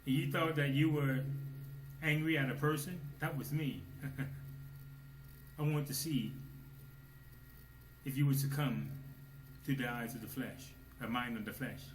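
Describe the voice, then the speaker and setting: A man preaching a sermon, swinging between hushed low asides and loud exclamations, at times speaking as God in the first person. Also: fairly even intonation, a little slow, long pauses. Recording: echoey room with faint noise.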